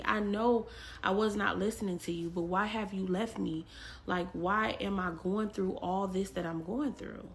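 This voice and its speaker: A woman's voice: medium pitch, fairly even intonation, normal speed, creaky. A woman from Texas telling a personal faith testimony in a rambling, casual way, with many fillers and repeated phrases. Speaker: vlogger.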